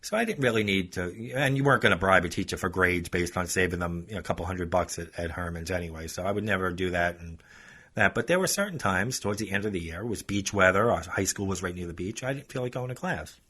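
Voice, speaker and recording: A man's voice: sits low, quick pace, sharp tone. A male podcast host telling a story in a chatty, casual way, talking straight to his listeners. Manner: chatty, addresses listeners as folks.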